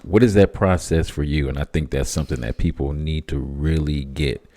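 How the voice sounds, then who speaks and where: A man hosting a podcast in casual chat, reflective and measured, with frequent fillers. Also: very deep voice, steady tone, warm tone. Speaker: podcast host.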